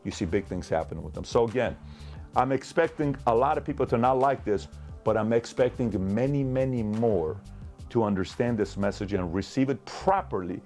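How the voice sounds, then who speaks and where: A man's voice: medium pitch, moderate pace, darkish tone, faint music behind. Emphatic male motivational speaker. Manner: emphatic, repetitive, preachy. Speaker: relationship advice speaker. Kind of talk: motivational talk.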